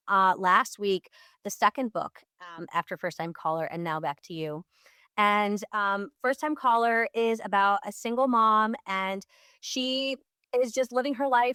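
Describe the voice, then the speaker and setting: A woman's voice: on the high side, sharp tone, smooth, dry recording, studio quality. A woman who owns a bookstore, answering radio interview questions in an earnest, enthusiastic, conversational way. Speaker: bookstore owner, radio guest.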